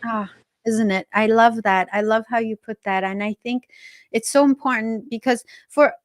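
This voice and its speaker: A woman's voice: fairly high pitch, steady tone, normal speed, no echo, studio quality. A woman host from Iran, asking heartfelt questions in a conversational interview.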